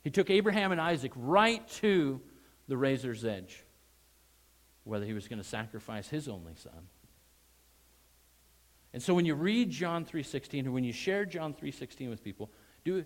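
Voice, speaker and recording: A man preaching a sermon emphatically, repeating phrases and swinging between loud stressed words and quiet asides. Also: medium pitch, sing-song, moderate pace. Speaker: pastor.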